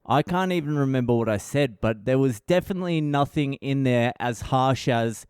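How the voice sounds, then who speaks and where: A man's voice: mid-range voice, moderate pace, darkish tone, smooth, no echo, clean studio sound. A man hosting a comedy podcast in a casual, profane, self-mocking monologue, acting out what others said. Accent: Australian.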